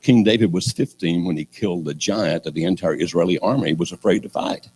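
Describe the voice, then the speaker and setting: A man's voice: low-pitched, fairly quick, a little mellow, slightly rough. An older man preaching a sermon, telling a story with sarcastic humor and acting out the characters.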